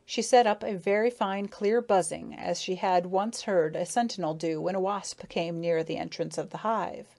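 A woman narrating a storybook as an audiobook, in steady, clear storytelling. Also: fairly low pitch, moderate pace, few pauses.

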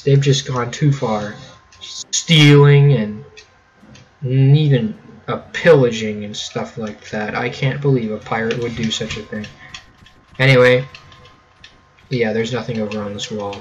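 A man's voice: medium pitch, muffled recording, slight background noise. A young man giving casual, jokey gameplay commentary with sarcastic running gags. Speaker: let's play host.

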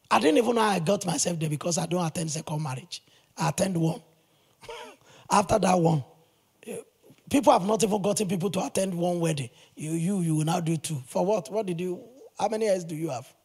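A male pastor preaching a sermon in an animated, emphatic way, with sudden loud bursts. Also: high-pitched, normal speed, vocal fry, breathy edge.

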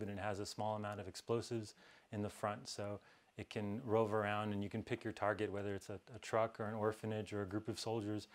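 A man speaking to an audience in a somewhat low voice, walking through slides in a loose, conversational way. His humor is wry and deadpan, and he often pauses on fillers or restarts a sentence. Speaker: conference speaker. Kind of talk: presentation talk with slides.

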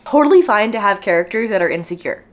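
A woman's voice: medium pitch, fast talker. Exasperated young woman ranting about books. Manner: exasperated, emphatic, animated ranting. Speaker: book vlogger. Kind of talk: casual vlog rant.

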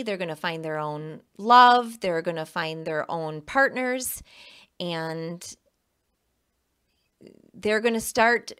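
A tarot reader, a woman, gives a casual reading to the camera, speaking emphatically, repeating herself, and often tacking on "okay?" Her voice is medium-pitched with a fairly bright tone.

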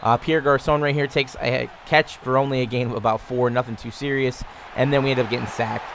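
A man in his twenties casually commentating on his own football video game, getting louder and higher on big plays. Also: steady tone, a little fast, background noise. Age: 20s. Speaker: gaming YouTuber.

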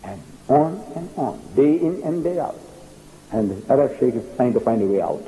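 Male religious lecturer, dark warm tone, lively delivery, echoey hall recording. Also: medium pitch, moderate pace, a little hiss or hum. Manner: animated storyteller, acts out dialogue. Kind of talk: public lecture with storytelling.

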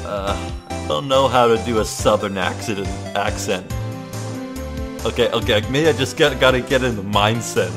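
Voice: medium pitch, moderate pace. A let's-player giving casual, self-deprecating commentary between lines of voice acting. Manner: chatty, self-deprecating asides. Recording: game music playing under the voice. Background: game music.

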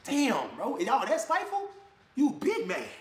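A man ranting to camera in a fired-up way, swinging between loud jabs and low mutters. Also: huge pitch swings, measured pace. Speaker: online video creator. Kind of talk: heated rant to camera. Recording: echoey room.

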